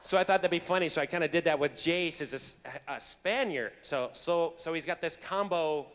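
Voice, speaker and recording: On a convention stage, a man speaks on the high side, a little fast and with hardly any pauses, recounting a funny backstage tale. The guest actor is animated and laughing, often stumbling and restarting. Faint crowd noise echoes through the reverberant hall.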